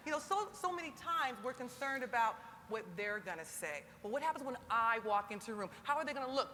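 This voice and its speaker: A woman's voice: fairly high pitch, a little fast, hardly any pauses. Emphatic woman on a stage, exhorting. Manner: emphatic, rises into animated exhortation. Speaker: senior enlisted panelist. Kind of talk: motivational panel talk. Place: large conference hall. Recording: long hall reverb with faint crowd noise.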